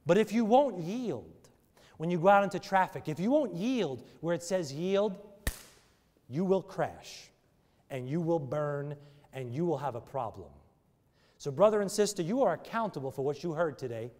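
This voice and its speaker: Male pastor, fairly high voice, emphatic sermon delivery, long church reverb. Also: expressive, normal speed, a little mellow. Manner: emphatic, repeated rhetorical questions. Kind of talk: sermon with altar call. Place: church sanctuary.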